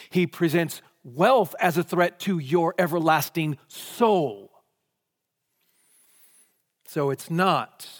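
A man's voice: on the high side, long reverb tail. A man preaching a sermon, posing question after question before answering them emphatically.

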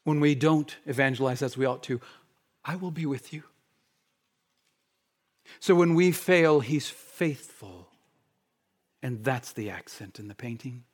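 A man preaching a sermon, shifting between fervent, shouted appeals and quiet, hushed stretches. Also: mid-range voice, unhurried. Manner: impassioned, swings from shouting to hushed.

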